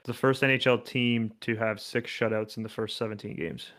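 A man's voice: fairly low pitch, steady tone, normal speed, fairly bright tone. A man in casual sports chat, laid-back and hesitant, with many fillers.

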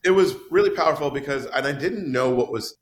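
A man in casual podcast chat about a film, animated and swinging his voice up high for emphasis. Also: a little fast. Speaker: podcast panelist discussing a film.

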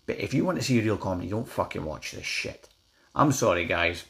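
An angry Scottish man tears into a comedy special, swearing constantly and ranting with animated, rising bursts. His voice sits fairly low for a man. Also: a little fast, gravelly. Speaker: vlogger reviewing a comedy special. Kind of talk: ranting review.

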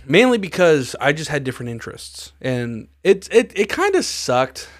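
A young man who grew up in a Hispanic neighborhood in the United States hosts a laid-back podcast chat, swearing freely and laughing often. His voice is a little high and very animated at a moderate pace, in a dry recording.

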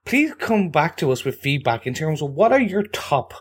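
A man's voice: on the high side, big pitch swings, normal speed, slightly rough. A man co-hosting a podcast, chatting casually and making jokes, often stammering and restarting his phrases. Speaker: podcast co-host.

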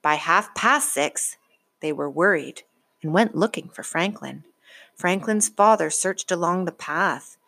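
A woman reading a children's storybook aloud in a gentle, unhurried way. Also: lowish voice, gravelly.

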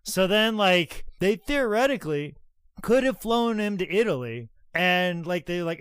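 A man in casual podcast chat, telling stories with lots of swearing and acted-out quotes, his voice swinging from loud to soft. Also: high-pitched, expressive, a little slow, clean tone, no room sound, studio quality. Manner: swears a lot, acts out quotes. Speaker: podcast co-host, former wrestler.

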